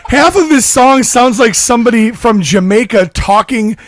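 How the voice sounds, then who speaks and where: A man's voice: very high-pitched, normal speed, no room sound, studio quality. A man co-hosting a podcast, complaining in a comic, exaggerated way and swearing a lot. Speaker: podcast co-host. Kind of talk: casual crude banter.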